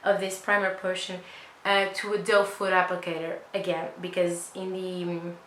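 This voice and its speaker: A young woman talks through her makeup routine in a loose, chatty way, full of self-deprecating asides. Her voice is bright and forceful. The room sounds roomy, with a faint hum behind her. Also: lowish voice, level tone, moderate pace. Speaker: beauty vlogger. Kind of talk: casual makeup tutorial chat.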